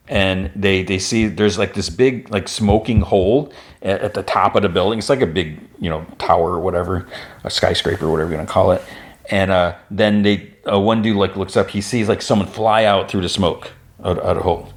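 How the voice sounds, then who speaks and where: Lower-voiced man rambling through a show recap. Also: fairly even intonation, normal speed. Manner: chatty, rambling, with many fillers and restarts. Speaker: podcast host. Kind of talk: casual recap of an animated episode.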